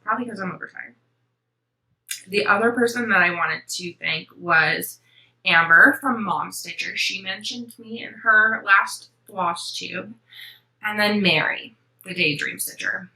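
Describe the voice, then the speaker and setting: A woman's voice: lowish voice, sharp tone, echoey room, low-quality recording. A young woman hosting a cross-stitch vlog, chatting to camera in a sentimental, rambling way with many ums. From Florida. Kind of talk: casual chat to camera.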